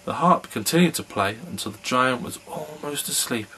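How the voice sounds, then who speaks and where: A man reads a fairy tale aloud in an unhurried storyteller's manner. His voice is mid-pitched with a bright, forceful tone. A faint hiss runs underneath. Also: lively intonation, low-quality recording.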